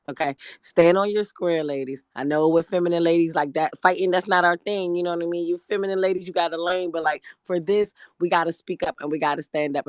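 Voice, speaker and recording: A woman's voice: fairly low pitch, fairly even intonation, a little fast, hardly any pauses, dry recording, clean studio sound. A woman co-hosting a live audio chat, giving emphatic, exhorting closing remarks. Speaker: co-host.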